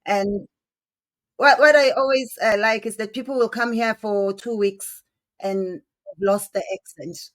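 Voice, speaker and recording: A woman hosts a relaxed interview, asking questions in a mid-pitched voice. She responds to her guest with encouragement and keeps the conversation easy. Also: measured pace. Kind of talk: casual interview chat.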